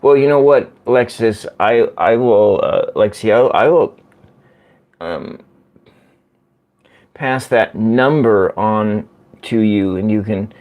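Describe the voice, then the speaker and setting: A man hosting a casual livestream from home, chatting slowly and rambling as he answers viewer comments. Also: fairly low pitch, narrow, tinny audio. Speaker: livestream host. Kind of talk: casual live-stream chat with viewers. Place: at home by a window.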